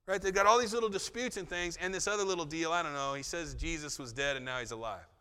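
A man preaching a sermon in a relaxed, conversational way, with joking asides and quotes acted out in a lively voice. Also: fairly high pitch, quick pace, clear, resonant tone, long reverb tail. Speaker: pastor.

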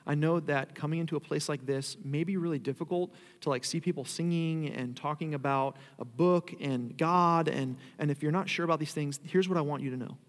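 A man delivers a sermon from the front of a church, his voice sitting a touch high for a man. He talks in a conversational way, then climbs into emphatic, drawn-out declarations. The sound carries a long hall reverb from the sanctuary around him. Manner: conversational preaching with emphatic rises. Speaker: pastor.

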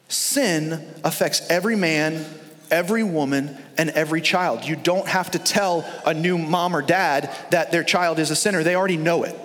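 A pastor preaching a sermon with scripture reading, telling the story with animation and emphatic repetition in a church sanctuary. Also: male voice, fairly high pitch, moderate pace, a bit bright, big-room sound.

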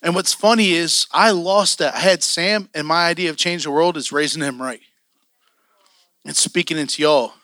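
A man preaching a passionate sermon as a church elder, telling stories and acting out his own excitement. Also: fairly high pitch, moderate pace, dry recording, studio quality.

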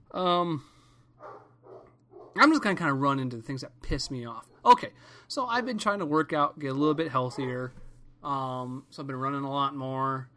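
A man rants casually on his podcast, swearing often and wandering from one gripe to the next. His voice is bright and forceful, and he tells his stories with animated comedic energy. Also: medium pitch, slight background noise. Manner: profane, rambling, animated storytelling. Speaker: podcast host.

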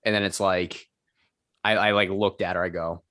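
A man's voice: deep voice, flat delivery, normal speed, a bit bright, dry recording, clean studio sound. A man who owns a gym, chatting casually and telling profane stories in which he acts out the people in them. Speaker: gym owner and trainer. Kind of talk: casual chat.

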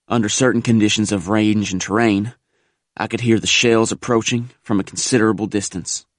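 A man reading a first-person war memoir aloud in a measured, grave audiobook narration. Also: lowish voice, dry recording, studio quality.

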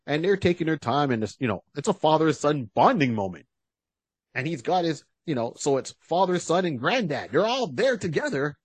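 A man's voice: on the high side, dry recording. A man co-hosting a podcast, retelling a story in a casual, rambling way with many fillers. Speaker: podcast co-host. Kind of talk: casual chat.

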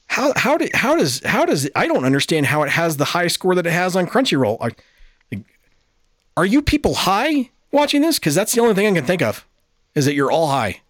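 A man's voice: fairly high pitch, no echo, clean studio sound. A man hosting a podcast, giving a casual, exasperated and profane review rant. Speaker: podcast host.

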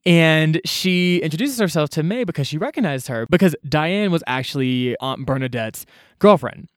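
Casting: lively storytelling man, higher voice, dry close mic. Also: normal speed, dry recording. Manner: animated storytelling, many "like" fillers, acts out characters' lines. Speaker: podcast co-host. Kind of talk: casual book discussion.

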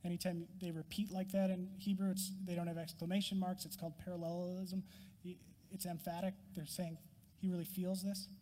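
A man's voice: high-pitched, little pitch movement, fairly quick, warm tone, in a large hall, slight background noise. A man preaching a sermon, emphatic and honest, acting out Job's complaints to God with rising intensity and dropping to whispers. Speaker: pastor.

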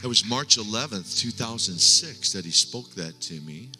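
A middle-aged man preaching a sermon with a personal testimony, speaking earnestly with halting restarts and dropping to hushed tones. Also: fairly low pitch, animated. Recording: long hall reverb, faint music.

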